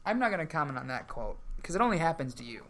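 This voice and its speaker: A man's voice: on the high side, big pitch swings, racing, bright, forceful tone. A young man hosting a casual podcast, telling stories in a chatty way and laughing between lines. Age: young adult. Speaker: podcast host.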